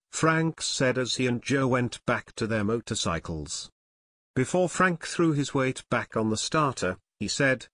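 A man narrating an audiobook in an even, clear storytelling manner. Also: medium pitch, unhurried, dry recording, studio quality. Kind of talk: scripted narration.

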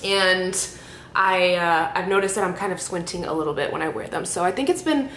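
A woman's voice: a little fast, fairly bright tone. A young woman vlogging casually to camera, telling stories in a chatty way with lots of "like" and acted-out quotes. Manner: chatty storytelling, many "like"s, acts out quotes. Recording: echoey room with faint rumble.

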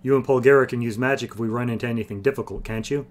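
A man voicing a big, blunt male warrior with a rumbling way of talking. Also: steady tone, racing, close to an everyday voice.

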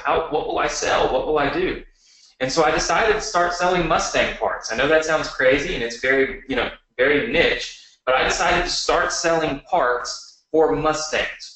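A man in his thirties giving a motivational webinar pitch, talking straight to viewers and asking them questions. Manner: energetic, talks to viewers with yes-questions. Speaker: online marketing presenter. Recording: echoey room.

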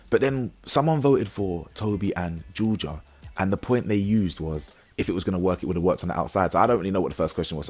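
Male reviewer, low husky voice, blunt heavy recap style. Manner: blunt, animated, slang-heavy, stumbling restarts. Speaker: reality TV reviewer. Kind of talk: casual recap commentary.

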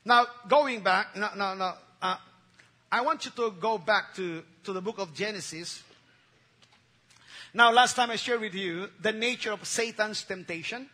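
A man's voice: high voice, sharp tone. A man preaching a sermon, repeating key phrases and calling on the congregation to respond. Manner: emphatic call-and-response preaching with repetition. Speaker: pastor.

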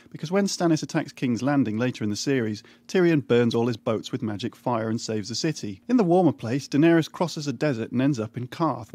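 A man reading a scripted comic recap, full of wry, irreverent deadpan asides. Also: medium pitch, dry recording. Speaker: narrator. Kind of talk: scripted comedic recap narration.

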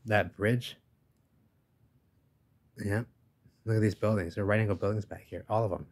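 A man's voice: lowish voice, steady tone, normal speed. Rambling man saying "baby" a lot. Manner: rambling, says "baby" and "give me a break" often. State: losing his voice. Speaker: video host. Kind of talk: narrating over images.

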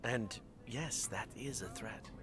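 An actor playing a smug, corrupt politician who speaks in a smooth, oily, condescending way and makes open threats. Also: male voice, on the low side, slow, noisy background. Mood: threatening. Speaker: villain politician. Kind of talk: game voice acting.

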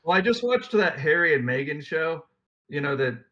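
A man's voice: on the high side, sing-song, moderate pace, pushed and bright. A young man co-hosting a casual podcast, reading facts aloud and riffing with jokes. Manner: rambling, jokey, reads facts aloud then riffs. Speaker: podcast co-host. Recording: dull lo-fi mic.

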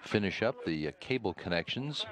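Deep-voiced guy narrating a live feed, calm and explanatory, lots of uh's. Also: very noisy. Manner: measured, explanatory, many "uh" pauses. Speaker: mission commentator. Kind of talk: live broadcast commentary.

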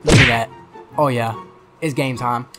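A man's voice: fairly even intonation, normal speed, over music. Trash-talking hyped gamer guy. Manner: trash-talking, swings from loud hyped outbursts to low mutters. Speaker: gaming streamer. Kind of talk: live gameplay commentary.

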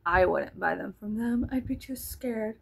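A woman's voice: mid-range voice, a little slow, creaky, slightly rough. A woman from South Texas vlogging in a casual rambling monologue, chatty and joking, with frequent swearing and sudden drops to a whisper.

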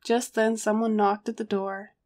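A woman reading a first-person story aloud as a narrator, steady storytelling. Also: medium pitch, normal speed. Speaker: audiobook narrator.

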